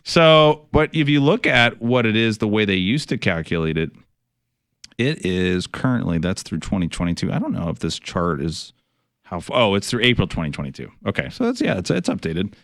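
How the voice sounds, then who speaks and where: A man's voice: lowish voice, very animated, normal speed, fairly bright tone, no echo, clean studio sound. A middle-aged man, a financial advisor hosting a radio show, talking casually with many fillers, restarts and some wry sarcasm.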